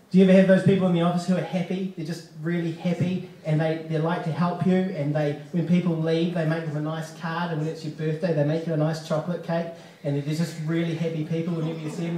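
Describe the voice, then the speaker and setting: A man's voice: a little high, mellow. A man doing a live stand-up set in a comedy club, talking in a wry, conversational way with profane asides. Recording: echoey club sound from a distant mic.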